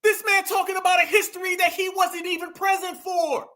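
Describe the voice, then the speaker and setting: A man hosting a heated reaction commentary, mocking, slangy and often breaking into shouts. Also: very high-pitched, little pitch movement, a little fast. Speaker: commentary host reacting to clips.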